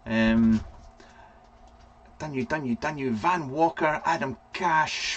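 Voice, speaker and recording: A man's voice: a little high, slow, pauses often, slight background noise. A Scottish man hosting a casual live vlog, rambling through viewer names with lots of ums. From Scotland. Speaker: vape reviewer and live vlog host. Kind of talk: casual live-stream chat.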